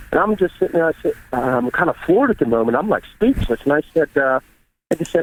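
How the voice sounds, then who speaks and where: A man's voice: a little high, brisk, rough recording. A man in his thirties, a guest on the show, telling stories candidly and with a lot of swearing. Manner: candid, profane, animated retelling. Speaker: guest bodybuilder. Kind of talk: casual storytelling interview.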